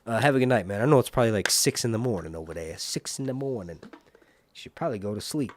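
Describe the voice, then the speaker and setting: Reading out viewer comments, this live stream host rambles and jokes his way through a TV series review. He talks fast at medium pitch with an animated delivery, and a little hiss or hum runs underneath.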